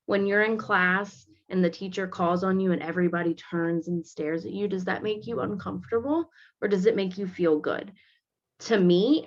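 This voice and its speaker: Gentle woman reading a storybook aloud. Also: on the low side. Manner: gentle, explains the pictures to young listeners. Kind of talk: read-aloud with commentary for children. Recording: dull lo-fi recording.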